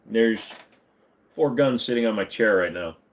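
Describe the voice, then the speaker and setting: A man's voice: lowish voice, animated, unhurried. Chatty man hosting a livestream Q&A. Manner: rambling, jokey, reads and answers chat questions. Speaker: livestream host answering chat. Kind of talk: casual livestream Q&A. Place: home computer room.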